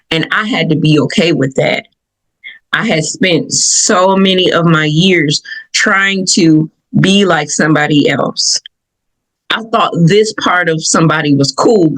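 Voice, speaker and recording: A woman from Michigan with a Southern accent, hosting a podcast and telling personal stories in an animated way, laughing often. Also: sits low, measured pace, poor audio. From Michigan, USA. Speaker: podcast host. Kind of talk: personal reflective talk.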